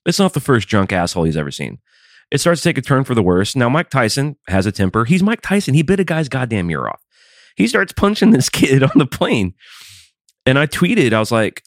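A man co-hosting a casual podcast, telling stories in an animated, profane way. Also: mid-range voice, fairly quick, no echo, clean studio sound.

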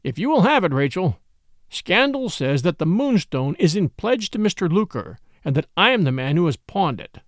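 A man voicing an unctuous, self-righteous gentleman in a storybook reading. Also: high voice, very animated, normal speed, dry recording, clean studio sound. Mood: solemn. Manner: unctuous, earnest. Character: smooth pious gentleman, self-righteous charmer.

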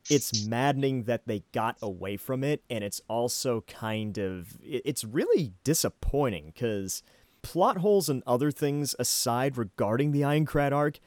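A man's voice: medium pitch, lively intonation, a little slow, darkish tone, dry recording. A man hosting a podcast, talking through his opinions casually with plenty of ums and restarts. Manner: rambling, many ums and restarts. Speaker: podcast host. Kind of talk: casual anime discussion.

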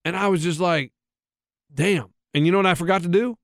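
A man's voice: sits high, a little fast, gravelly, no room sound, studio quality. A man co-hosting a radio show, telling a casual story in a laid-back way and quoting the people he met. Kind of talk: casual banter.

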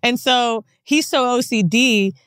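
A woman co-hosting a podcast, telling stories in animated, swearing casual chat with frequent laughs. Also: fairly high pitch, measured pace, clear, resonant tone, no room sound, studio quality. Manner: animated storytelling, laughs often, swears freely. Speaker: podcast co-host.

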